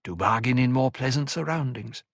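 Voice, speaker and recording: A man voicing a cool, calculating woman who leads a sisterhood, speaking in a measured, curt way. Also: medium pitch, lively intonation, no echo, studio quality. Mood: guarded. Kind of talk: audiobook character voice.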